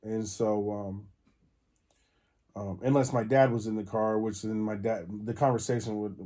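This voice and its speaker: Male podcast host, relaxed dark tone, rambling storyteller with lots of fillers. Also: lowish voice. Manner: rambling, many fillers and restarts. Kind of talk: casual storytelling.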